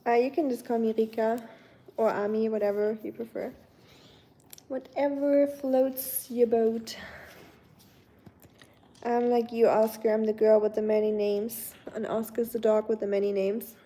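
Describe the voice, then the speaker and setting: A young woman hosting a relaxed live stream from her home. Her voice sits a little high but stays flat and mellow. She talks in a loose, rambling way, full of fillers and quick self-corrections. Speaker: livestream host. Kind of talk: casual live-stream chat.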